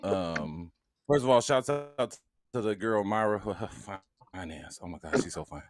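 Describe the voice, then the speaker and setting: A man's voice: fairly low pitch, expressive, measured pace, slight background noise. A man hosting a casual podcast, talking animatedly and repeating words as he builds his point. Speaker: podcast host.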